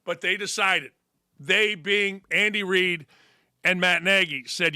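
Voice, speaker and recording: Brash, bright-voiced sports talk man. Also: high voice, slow, smooth, no echo, studio quality. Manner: brash, emphatic, swings loud on catchphrases. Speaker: sports talk show host.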